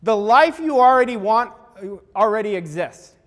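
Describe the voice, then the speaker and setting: High-voiced emphatic motivational coach. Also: male voice, expressive, moderate pace. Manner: emphatic, repeats key lines for weight. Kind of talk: motivational talk. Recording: long hall reverb.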